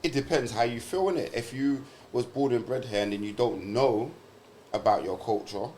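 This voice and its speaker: A man's voice: medium pitch, normal speed, slight background noise. A young British man on a podcast, chatting casually and animatedly with London slang. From Britain. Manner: animated, uses London slang like innit and bruv. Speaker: podcast co-host. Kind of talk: casual chat.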